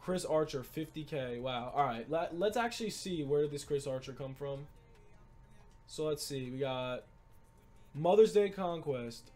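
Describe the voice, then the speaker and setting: A young man giving casual, excitable commentary on his gameplay, rambling and urging viewers to buy cards. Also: on the high side, measured pace, faint music behind. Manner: excitable, rambling, urgent market tips. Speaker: gaming YouTuber.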